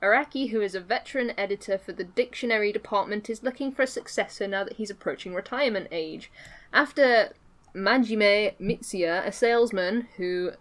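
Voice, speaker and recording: A woman from England hosting a casual chat, talking freely and laughing often, and reading aloud haltingly at times. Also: mid-range voice, a bit bright. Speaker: host.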